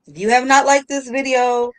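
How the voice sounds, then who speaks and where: High-voiced woman telling a story. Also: normal speed. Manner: animated storyteller, acting out voices. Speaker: livestream guest. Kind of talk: casual storytelling chat.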